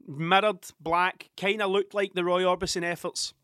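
A man's voice: sits high, little pitch movement, moderate pace, bright, forceful tone, no echo. A man with a Scottish accent in his thirties, telling a rambling, sweary story on his podcast into a close microphone. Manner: sweary, rambling, with frequent restarts. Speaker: podcast host. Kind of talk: casual storytelling monologue.

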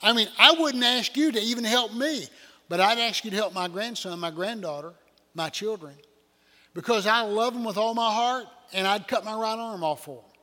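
Folksy preacher, bright high voice. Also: male voice, moderate pace. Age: older. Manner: folksy preaching with rhetorical questions. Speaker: pastor. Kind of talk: sermon. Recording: church hall reverb.

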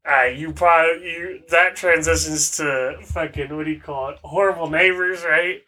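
A man's voice: on the high side, fairly even intonation, normal speed, pushed and bright. A young man hosting a podcast, telling stories in casual, profane, slang-filled chat. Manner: slangy, profane, laid-back storytelling. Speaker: podcast host.

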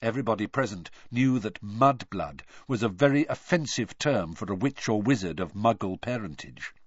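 A man reading a novel aloud as an expressive audiobook narrator. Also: lowish voice, normal speed, slightly rough, no echo, lo-fi sound. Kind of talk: scripted narration.

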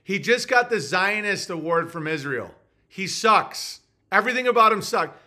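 A man's voice: high voice, animated, moderate pace, pushed and bright. A man hosting a live-stream podcast, reading viewer messages and answering with sarcastic, mocking rants.

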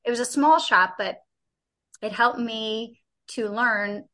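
As an interview guest, a woman in her forties chats through her story, laughing easily and acting out the people she quotes. Her voice is bright, forceful and a little high, and she takes her time.

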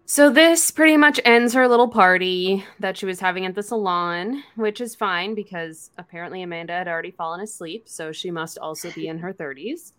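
A young woman co-hosting a book podcast, summarizing chapters in an easygoing, agreeable way. Her voice is smooth and clear and sits a little low. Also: brisk, hardly any pauses, fairly bright tone. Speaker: podcast co-host. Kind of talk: casual book-club chat.

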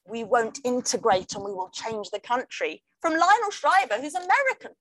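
A middle-aged English woman, a comedian, talking in a wry, jokey way with quick asides in casual conversation. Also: a little high, expressive, fairly bright tone, poor audio. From England. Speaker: comedian guest. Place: London.

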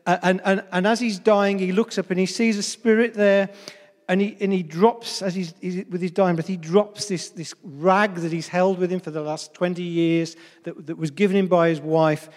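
A man's voice: high voice, fairly even intonation, moderate pace, darkish tone. A man preaching a sermon to a congregation in a chatty, humorous way, often addressing them directly. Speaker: pastor. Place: church hall before a congregation. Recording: long reverb of a church hall.

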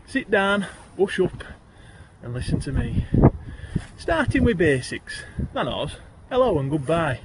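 A man's voice: sits high, sing-song, unhurried, heavy background noise. A man with a Yorkshire accent reciting his own rhyming poems in broad dialect, with a lilting rhythm. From Yorkshire, England. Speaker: guest poet.

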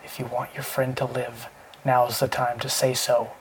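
A man's voice: mid-range voice, steady tone, normal speed, a little mellow, a little hiss or hum, lightly acted, low-quality recording. A man voicing a hard, menacing male soldier who growls clipped threats while reading a storybook. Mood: whispered threat.

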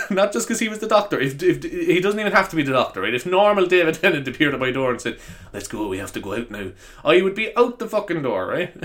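A man's voice: sits high, very animated, quick pace, a bit bright. A young man hosting a podcast, chatting casually and rambling, often laughing and swearing. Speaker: podcast host. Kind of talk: casual solo podcast chat.

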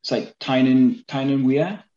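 A man from North East England, with the region's accent, speaks at a measured pace in a warm, mid-range voice. He's a fan film actor appearing as an interview guest, rambling casually with many ums and restarts, captured in dull lo-fi sound.

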